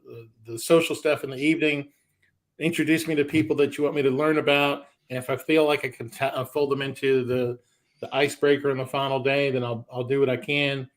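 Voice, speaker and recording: A male comedian in his forties, from the American South, spins lively anecdotes in an interview. He slips in and out of the voices of the people in his stories, and his voice sits at an ordinary middle pitch. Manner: animated storyteller, acts out quoted voices. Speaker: stand-up comedian guest. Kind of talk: storytelling interview.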